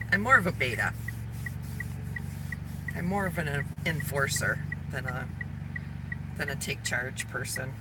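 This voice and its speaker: A woman chatting casually on a livestream while driving, holding her phone camera, telling animated stories. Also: extremely low pitch, unhurried, long pauses. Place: inside a car on a freeway. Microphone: phone camera held in hand. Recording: loud road and car noise.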